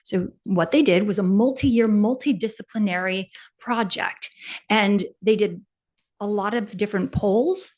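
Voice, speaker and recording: A woman's voice: mid-range voice, a little slow, a little mellow. A woman in her forties giving a conference presentation as an advocate, talking conversationally and asking the audience questions. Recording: dull lo-fi sound.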